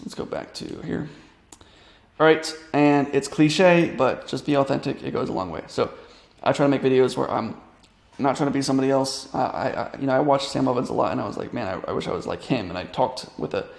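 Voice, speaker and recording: A young male coach talks through an online tutorial in a loose, rambling way, full of fillers and restarts. His voice has a gravelly edge, and the room gives it a noticeable echo. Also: mid-range voice. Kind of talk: casual screen-share tutorial.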